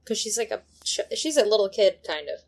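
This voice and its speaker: A woman's voice: mid-range voice, very animated, fairly quick, gravelly. Wry young woman podcast co-host. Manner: wry, playful, swears casually. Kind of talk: casual book-club chat.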